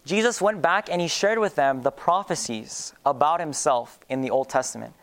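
Earnest young man preaching, smooth voice. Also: a little high, moderate pace, a bit bright. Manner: earnest, with many fillers and restarts. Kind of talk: sermon.

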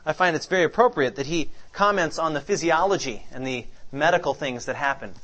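A man's voice: a little high, fairly quick, a bit bright. A man preaching a sermon, asking the congregation questions, then answering them himself as he reads scripture aloud. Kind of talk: interactive sermon.

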